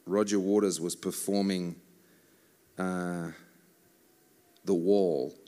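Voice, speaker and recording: A man's voice: deep voice, flat delivery, slow, mellow. A man, a worship musician chatting between songs at a church service in a joking, self-mocking way. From Australia. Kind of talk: casual stage banter between songs.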